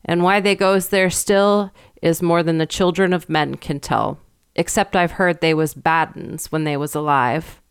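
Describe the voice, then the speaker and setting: A woman's voice: low-pitched, steady tone, unhurried, smooth, no room sound, clean studio sound. Woman doing grave old country shepherd. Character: gruff old rustic male shepherd, grave and superstitious. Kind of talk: storybook reading.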